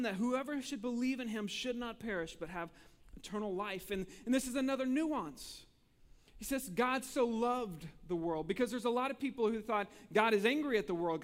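A man preaching a sermon as pastor, earnest and building to emphatic peaks, often repeating words as he presses a point. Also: high voice.

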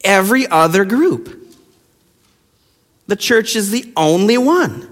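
A male pastor preaching a sermon with passion, firing rhetorical questions and dropping to hushed lines. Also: high-pitched, sing-song, slow. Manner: impassioned, with rhetorical questions and sudden hushed drops. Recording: long reverb of a large hall.

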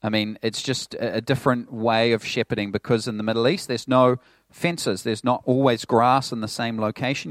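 A male pastor preaching a sermon in a casual, conversational way, telling animated stories. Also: fairly low pitch, no echo. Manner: conversational, animated storytelling with playful put-on voices.

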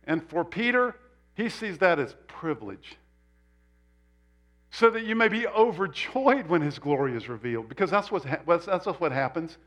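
Man, pastor, church sermon, somewhat high voice, animated and emphatic. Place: church sanctuary.

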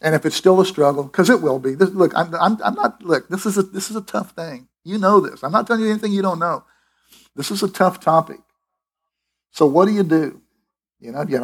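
A man's voice: a little high, lively intonation, moderate pace, long pauses, husky. A middle-aged man preaching a sermon in an emphatic, conversational way, with restarts and asides. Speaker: pastor.

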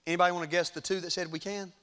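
High, bright-voiced preacher telling a story. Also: male voice, little pitch movement, rapid-fire, clean tone. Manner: dramatic storytelling, swinging between hushed and loud. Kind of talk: sermon.

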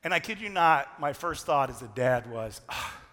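A middle-aged man preaching a sermon, telling a story with big swings from loud to hushed. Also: medium pitch, animated, normal speed. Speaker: pastor. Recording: long reverb of a large hall.

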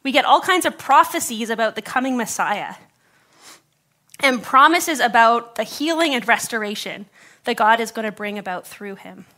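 A woman preaching to her congregation in a bright, fairly high voice with a touch of scratchiness in her throat. She keeps the sermon conversational, tossing in quick jokes and asides to the people in front of her. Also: lively intonation. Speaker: pastor. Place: church service before a congregation.

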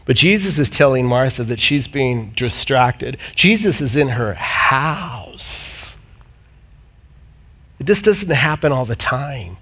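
A man preaching a sermon as pastor, swinging between loud emphatic peaks and low, quiet passages. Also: expressive, slow pace, husky.

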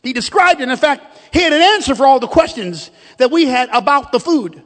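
A man preaching with emphatic, storytelling delivery, stumbling over repeated words as he drives his point. His voice sits high for a man and carries a long reverb from a large hall. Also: animated, fairly quick, a bit bright. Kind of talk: sermon.

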